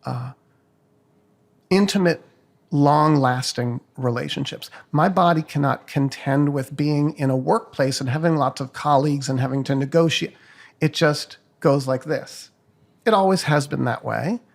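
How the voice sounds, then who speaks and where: An older man talks as a guest on a podcast, candid and reflective, dropping the odd curse. His voice is gravelly with plenty of fry and sits a touch high for a man. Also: unhurried. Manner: frank, reflective, swears freely. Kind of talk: casual interview conversation.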